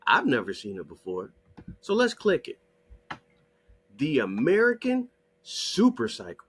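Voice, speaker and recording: A man giving profane, combative ranting commentary over a shared screen, hammering rhetorical questions and repeated demands in a husky voice. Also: fairly high pitch. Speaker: online video creator.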